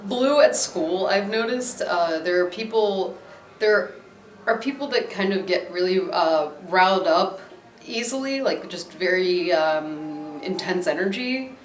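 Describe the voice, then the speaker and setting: A woman's voice: fairly low pitch, lively intonation, measured pace, a little hiss or hum. A young adult woman from Maryland, talking casually in a documentary interview with lots of fillers and easy laughter. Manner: casual, chatty, many fillers, laughs easily. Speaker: interviewee, dog owner. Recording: echoey room.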